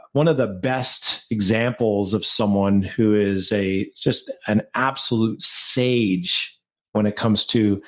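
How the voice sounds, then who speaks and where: Male podcast co-host, low register, upbeat coaching tone, loves wordplay. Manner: playful, fond of alliteration, motivational. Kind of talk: podcast conversation.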